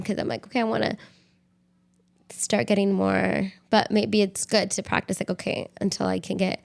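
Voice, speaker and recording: A woman's voice: medium pitch, little pitch movement, brisk, gravelly. A young woman co-hosting a podcast, chatting casually with her partner in a rambling way full of "like". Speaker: podcast co-host.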